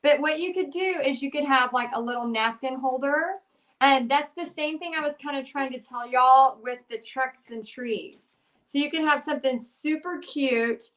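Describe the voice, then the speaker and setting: A middle-aged woman hosts a casual craft demo. She talks in a chatty, rambling way, full of giggles and fillers, in a voice a little higher than most. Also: a bit bright. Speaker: craft channel host.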